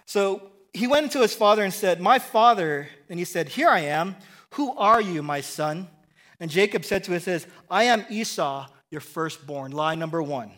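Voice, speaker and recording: A middle-aged man delivers a sermon in a relaxed, storytelling manner. His voice sits a little high for a man. He keeps checking in with the room and laughs at his own stories. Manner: conversational storytelling, often asks "right?" and chuckles. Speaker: pastor.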